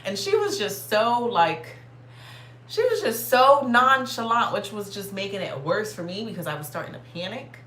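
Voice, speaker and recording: Animated, swearing woman telling a story. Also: medium pitch, moderate pace, roomy sound. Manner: animated, profane, heavy filler "like". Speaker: vlogger. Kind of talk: casual storytelling.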